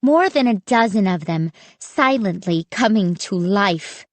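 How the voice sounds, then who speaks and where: Slow, measured woman narrator. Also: mid-range voice, lively intonation, no echo. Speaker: audiobook narrator. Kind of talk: scripted horror narration.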